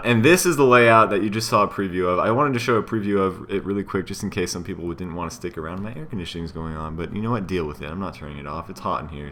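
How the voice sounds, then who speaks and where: A young man talks casually at his computer at home, walking through a tutorial. His voice sits low but has a bright, forward edge. He rambles, loses his train of thought and keeps tossing in filler slang. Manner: rambling, chatty, says "man" and "freaking" a lot. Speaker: YouTuber explaining a layout tutorial. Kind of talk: casual screen-recorded tutorial. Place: room at home with air conditioning running.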